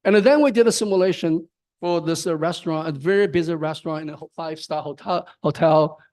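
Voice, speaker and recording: A man giving an academic lecture on his research, speaking haltingly with restarts and frequent tag questions. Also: fairly high pitch, darkish tone. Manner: halting, repeats words, frequent "right?". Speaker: guest lecturer.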